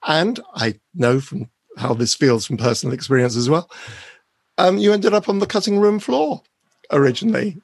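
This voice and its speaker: Gravelly, husky male interviewer, dry sound. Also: on the high side, lively intonation, normal speed, no echo. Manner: enthusiastic, repeats short reactions. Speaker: interviewer host. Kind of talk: casual interview.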